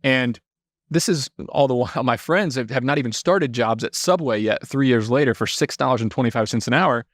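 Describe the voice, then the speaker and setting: A man from Indiana, a podcast guest telling stories in a casual, animated way, swearing freely. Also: mid-range voice, fairly quick, no echo, studio quality. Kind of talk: casual storytelling.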